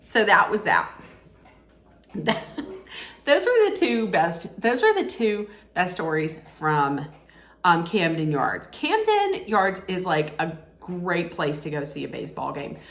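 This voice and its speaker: A woman vlogger telling a casual story, animated and excitable, laughing often. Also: fairly low pitch, slow, echoey room.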